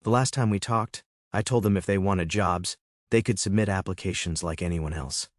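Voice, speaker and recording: Low-voiced man, cool first-person narration. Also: normal speed, no echo, clean studio sound. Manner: smug, cool, matter-of-fact. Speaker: storyteller.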